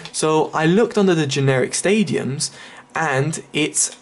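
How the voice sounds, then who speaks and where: A man's voice: on the high side, unhurried. A man giving casual, chatty commentary over a game walkthrough, explaining each step with many fillers. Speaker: gaming video creator.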